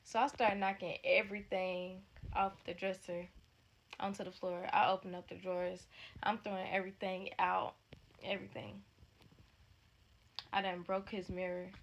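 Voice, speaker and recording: A young woman with a gravelly, creaky edge tells a personal story to camera, casual and dramatic, talking straight to her viewers. Her pitch sits in an ordinary middle range. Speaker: storytime vlogger.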